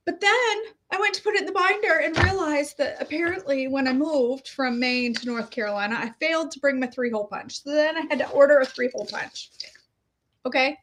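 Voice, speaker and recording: A middle-aged woman chats with her followers in a loose, wandering way, poking fun at herself along the way, much like a health coach's daily check-in. Her voice sits slightly high for a woman, with a brisk, fairly bright tone. It's unscripted, conversational casual chat.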